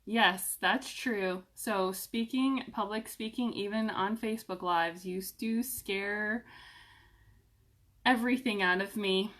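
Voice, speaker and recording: A woman talking casually to camera in a vlog, chatty and upbeat, with filler ums and lively swings in pitch. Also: takes it slowly. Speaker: essential oils vlogger.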